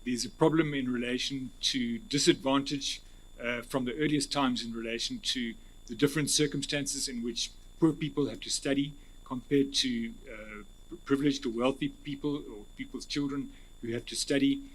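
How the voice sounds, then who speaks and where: A South African man, an advocate, giving measured, formal answers at an interview panel, restarting phrases as he thinks. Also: medium pitch, fairly even intonation. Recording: husky, poor-quality hearing recording.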